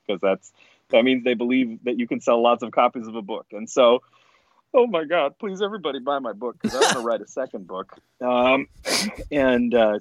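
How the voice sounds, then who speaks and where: A man's voice: mid-range voice, no echo, lo-fi sound. A man telling funny stories in a casual podcast chat, laughing often. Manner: animated, laughing storyteller. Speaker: podcast guest.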